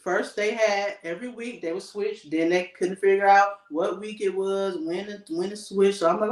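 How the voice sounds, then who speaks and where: A woman co-hosting a casual podcast, telling a story with emphatic, animated delivery. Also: medium pitch, normal speed, few pauses, distant mic. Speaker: podcast co-host. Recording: echoey room, voice off-mic.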